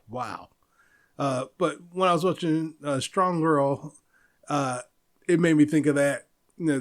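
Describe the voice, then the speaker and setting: A man hosting a casual solo podcast, rambling and chuckling as he talks. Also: on the high side. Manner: rambling, chuckles often, loose and self-interrupting. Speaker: podcast host.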